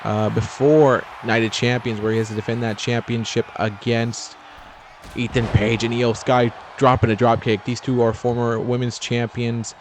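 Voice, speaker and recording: A man's voice: medium pitch, slight background noise. A man giving casual, rambling commentary over a wrestling video game, with chatty, jokey asides. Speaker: gameplay commentator.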